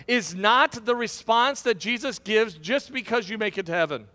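A man's voice: sits high, animated, normal speed, sharp tone, in a large hall. A middle-aged man preaching a sermon as pastor, building to emphatic, repetitive climaxes. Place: church sanctuary.

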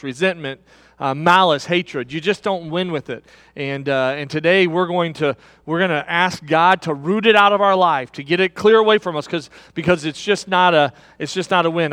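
High-voiced man preaching a sermon. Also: fairly bright tone, smooth, no room sound, clean studio sound. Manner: conversational, repeats words, asks the congregation questions. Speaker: pastor.

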